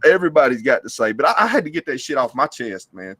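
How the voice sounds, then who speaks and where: A man's voice: medium pitch, big pitch swings, fast, fairly bright tone, husky, dry recording. A man co-hosting a sports show, ranting in a fired-up, profane way about a rival team. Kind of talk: heated sports rant.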